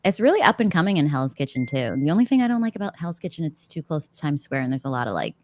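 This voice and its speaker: Lively low-voiced woman hosting a chat. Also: quick pace. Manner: chatty, laughs often, many fillers. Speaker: book club host. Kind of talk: casual chat.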